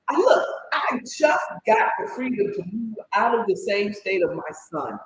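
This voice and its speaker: A middle-aged man recapping a story in a casual, animated and dramatic way, his voice at times breaking into cries and shouts. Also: high-pitched, moderate pace, few pauses. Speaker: storyteller host. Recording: echoey room with faint background noise.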